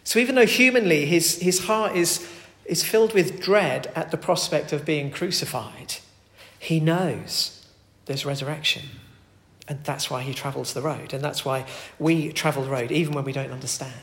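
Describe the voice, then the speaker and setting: A man preaching a sermon, earnest, moving between loud emphatic calls and soft, quiet pleading. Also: a little high, moderate pace. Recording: echoey hall with long reverb.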